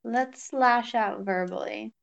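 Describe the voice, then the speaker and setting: A woman's voice: fairly high pitch, slow, vocal fry, clean tone, highs cut off. Hesitant woman player, thinking aloud. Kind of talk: casual tabletop game play.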